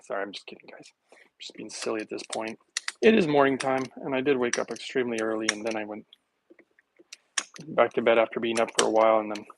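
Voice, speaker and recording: A man vlogging while making a smoothie, talking in a playful, rambling way to his viewers and laughing often. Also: fairly high pitch, background noise. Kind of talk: casual rambling monologue to camera.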